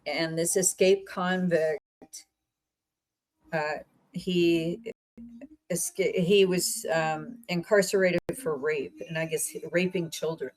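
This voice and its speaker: A woman podcast host from central Pennsylvania, telling a story in a chatty, meandering, animated way over a remote call. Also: fairly low pitch, slow pace, low-quality recording. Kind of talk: casual storytelling chat.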